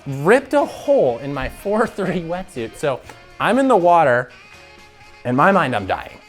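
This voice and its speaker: A young man from the show's crew telling a crude story in a casual, animated way, laughing often. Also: on the high side, a little slow, faint music behind. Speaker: show regular.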